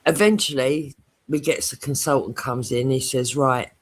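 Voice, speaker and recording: A woman's voice: very deep voice, normal speed, slight background noise. A British woman hosting a casual podcast chat, telling a crude story with lots of swearing and laughter.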